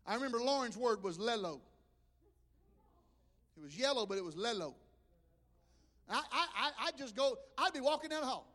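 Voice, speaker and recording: High-voiced preacher in a hall. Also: male voice, animated, brisk, long pauses, a bit bright. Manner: folksy, impassioned preaching with humor. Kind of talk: sermon.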